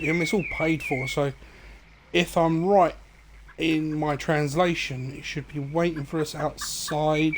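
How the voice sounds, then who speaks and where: Over a noisy background, a gaming streamer with a higher-pitched male voice gives casual let's-play commentary on a farming game. He's relaxed and rambling, full of ums, fillers and asides.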